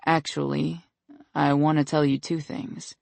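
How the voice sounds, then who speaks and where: Earnest tender man in love, solemn, gravelly edge, dry close sound, read by a narrator. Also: mid-range voice, flat delivery, a little slow, no room sound.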